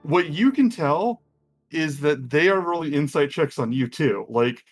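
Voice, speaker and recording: A man's voice: fairly high pitch, lively intonation, measured pace, faint music behind. Rambling male game master. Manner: rambling, many fillers and restarts. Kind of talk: narrating a tabletop game.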